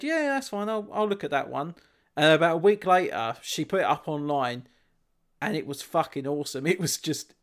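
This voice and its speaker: A man, co-hosting a casual chat and telling stories animatedly, swearing and laughing. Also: on the high side. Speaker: podcast co-host.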